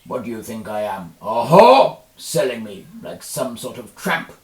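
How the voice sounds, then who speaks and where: A man's voice: mid-range voice, very animated, a little slow, echoey room. A man voicing an indignant, offended character in mock outrage.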